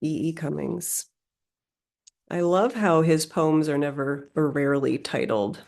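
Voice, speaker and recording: A woman's voice: low voice, unhurried, gravelly, darkish tone. A woman hosting a solo podcast, musing aloud in a meandering, reflective way. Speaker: podcast host.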